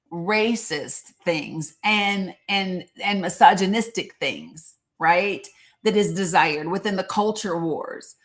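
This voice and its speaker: A woman hosting a casual live stream, commenting on the news with passion and reading legal text aloud between fillers and asides. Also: medium pitch. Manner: impassioned and outspoken.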